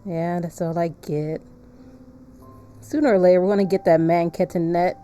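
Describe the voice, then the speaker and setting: A woman streaming a game live, chatting playfully with her viewers, laughing often and reading the game's narration aloud in a softer voice. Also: on the low side, fairly even intonation, normal speed, soft background music.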